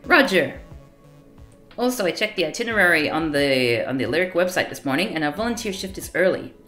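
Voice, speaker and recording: A woman's voice: on the low side, big pitch swings, brisk, fairly bright tone, roomy sound, soft background music. A woman voicing a stern, bossy young woman in a visual novel, speaking in a scolding, matter-of-fact way. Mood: brisk.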